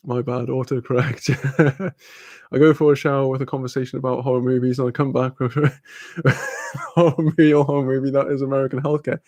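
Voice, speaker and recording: A man's voice: medium pitch, little pitch movement, moderate pace, long pauses, darkish tone, dry recording. A young man chatting casually on a livestream, rambling and swearing freely. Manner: rambling, swearing, laughing often. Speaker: streamer.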